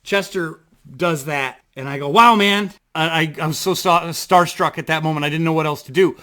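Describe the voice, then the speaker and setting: Excitable, bright-voiced man telling a story. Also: on the high side, a little fast. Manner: rambling, excitable, lots of fillers and swearing. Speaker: vlogger. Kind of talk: casual storytelling to camera. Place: home desk in front of a computer.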